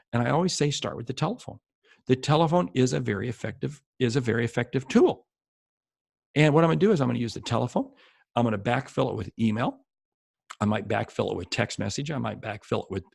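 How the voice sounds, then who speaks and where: A man's voice: mid-range voice, gravelly, slightly rough, dry recording. A man giving a motivational sales coaching talk straight to the viewer, driving points home by repeating them with emphasis. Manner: emphatic, repeats key phrases for stress; speaks directly to the viewer. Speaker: sales trainer.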